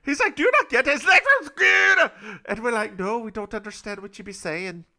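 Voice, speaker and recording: A man's voice: extremely high pitch, expressive, moderate pace, sharp tone, pitched above the performer's own voice, exaggerated voice. A man doing a put-on Scottish accent as a tipsy, rambling older man telling a story, tripping over his words.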